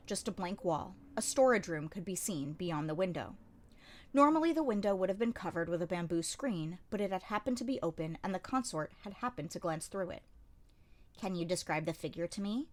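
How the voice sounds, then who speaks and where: A woman's voice: on the low side, expressive, a little fast. A woman narrating a light novel as an amateur audiobook reader, in a dry, wry storytelling manner. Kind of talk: scripted narration.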